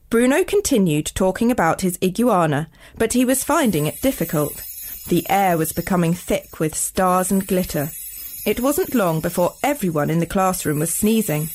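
A woman, a children's author, reading her own storybook aloud with clear, expressive delivery. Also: fairly low pitch, moderate pace.

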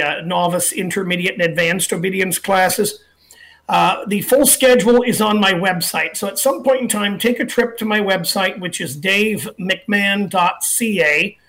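A middle-aged man hosting a radio show, chatty and relaxed, slowly repeating numbers with plenty of fillers. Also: sits high. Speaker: radio talk show host and dog trainer. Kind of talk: casual radio talk and promotion.

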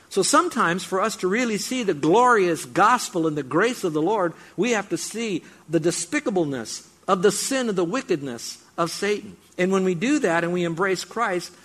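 A middle-aged male pastor preaching with a bright, ringing voice that sits a little high. He builds emphasis through repetition as he explains scripture to his congregation. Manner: emphatic preaching with rising, repeated build-ups. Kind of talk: sermon.

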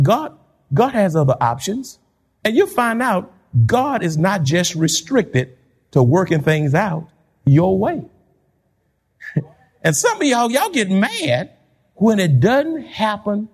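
A pastor preaching a sermon, animated, repeating words and laughing between points. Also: male voice, high-pitched, husky.

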